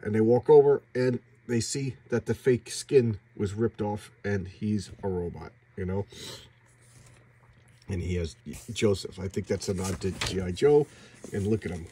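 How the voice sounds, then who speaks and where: A man excitedly retelling a comic book story in a casual recap, acting out the characters and making boom sound effects. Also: a little slow, slightly rough.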